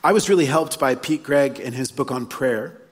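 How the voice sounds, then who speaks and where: At normal speed and medium pitch, a man gives a sincere sermon as a pastor, weaving stories and repeating important phrases. It's recorded live in a church hall with noticeable reverb.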